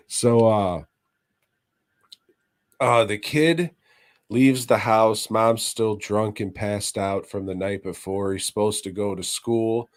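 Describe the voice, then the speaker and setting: A man co-hosting a podcast, recapping a movie in casual, profane chat, laughing often and breaking into mock voices. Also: fairly low pitch. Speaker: podcast co-host.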